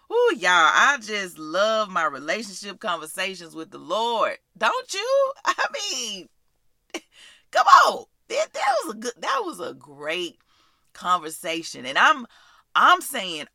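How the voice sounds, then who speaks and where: Woman preaching on her podcast, bright voice that swoops all over, aave, dry close sound. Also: medium pitch, a little slow, dry recording. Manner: animated, call-and-response preaching with prayer. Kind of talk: devotional preaching vlog.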